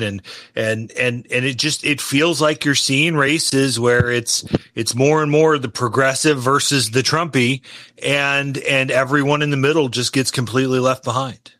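Bright-voiced musing male host. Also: medium pitch, dry recording. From Illinois. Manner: musing, conversational. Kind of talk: political interview.

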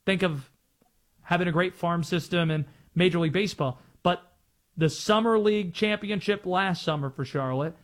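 A man's voice: high-pitched, normal speed. A man from North Carolina hosting a sports talk radio show, chatting and explaining. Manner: conversational, explanatory.

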